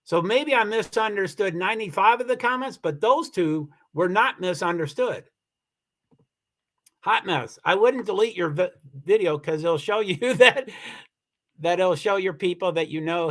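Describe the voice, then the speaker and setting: A man hosting his own livestream, reading viewer comments aloud in casual talk, halting with many restarts and turning firm and insistent. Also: sits high, animated, a bit bright. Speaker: livestream host.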